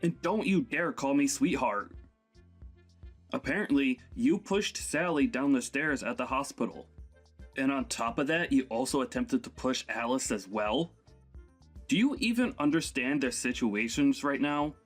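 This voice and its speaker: A man's voice: medium pitch, lively intonation, measured pace, slightly rough, soft background music. A man voicing a grown son who scolds his overbearing mother in an exasperated way. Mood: scolding.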